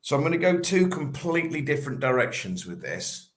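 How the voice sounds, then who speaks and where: Animated man coaching on sales. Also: on the high side, fairly quick, roomy sound. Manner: animated, acts out little scenes in quoted voices. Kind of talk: casual podcast talk.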